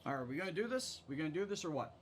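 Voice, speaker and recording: A man's voice: a little high, lively intonation, very fast, a little hiss or hum. A man commenting on his own racing game, swearing and venting at his driving. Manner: swears and shouts in frustration; self-deprecating. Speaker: gaming streamer. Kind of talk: casual gameplay commentary.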